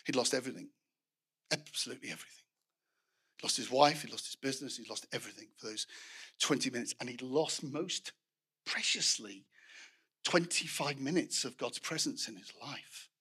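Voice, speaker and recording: A man's voice: mid-range voice, a little fast, fairly bright tone, breathy edge. A middle-aged man preaching a sermon, telling anecdotes with restarts and asides to the congregation.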